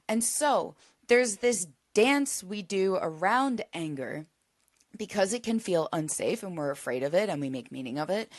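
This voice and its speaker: A woman's voice: mid-range voice, dry recording, studio quality. A woman hosting a solo podcast, talking in an earnest, reflective way with emphatic repetition. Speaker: podcast host.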